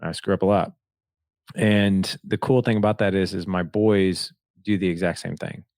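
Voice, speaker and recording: A man's voice: low voice, fairly even intonation, normal speed, a little mellow, no room sound, studio quality. A man in his forties, a podcast guest, telling personal stories in an earnest, candid way. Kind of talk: conversational interview storytelling.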